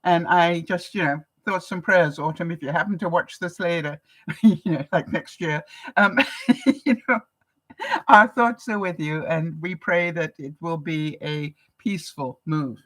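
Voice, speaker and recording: A woman's voice: on the low side, a little slow, rough recording. Older canadian lady vlogging live, chatty, keeps laughing, talks straight to viewers. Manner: chatty, laughs often, animated retellings. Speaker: vlogger hosting a live broadcast. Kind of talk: casual advice chat to viewers.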